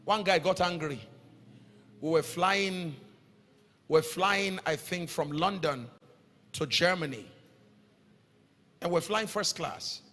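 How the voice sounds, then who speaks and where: A man with a Nigerian accent preaching a fervent sermon. He calls out to the congregation, his voice rising into sing-song lines and sudden shouts. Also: sits high, slow, pauses often. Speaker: pastor. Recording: echoey hall with faint music.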